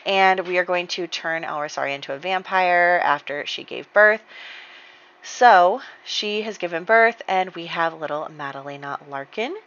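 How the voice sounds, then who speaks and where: A young woman hosts a life-sim let's-play, her voice sitting a little low for a woman. She rambles in a loose, friendly way, full of "like" and "um", and retells her characters' lines as she goes. The mic sounds slightly dull and lo-fi. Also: moderate pace, fairly bright tone. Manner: chatty, rambling, lots of "like" and "um" fillers. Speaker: gaming channel host. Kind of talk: casual let's-play commentary.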